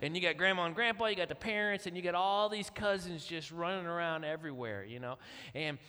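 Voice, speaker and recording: A middle-aged man preaching with a bright, forceful voice, slightly higher than most men. He tells his story like a lively storyteller, and his words ring out with a long hall reverb. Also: brisk, smooth. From Kentucky. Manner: animated storyteller acting out quotes. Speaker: guest speaker. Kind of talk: storytelling sermon.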